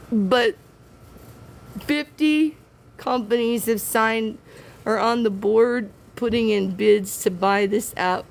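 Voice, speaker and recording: A woman from the American South with a Southern accent, hosting a casual livestream and talking to her viewers in an emotional, halting, teary way. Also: on the high side, creaky. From Southern United States. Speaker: livestream host.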